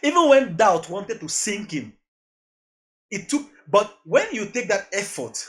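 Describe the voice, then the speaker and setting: A man's voice: high voice, sing-song, a little slow, fairly bright tone. Earnest Nigerian man slipping into Pidgin. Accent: Nigerian, mixing in Pidgin. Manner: earnest, reflective, repeats phrases, laughs often. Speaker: podcast guest, music producer. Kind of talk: casual interview chat.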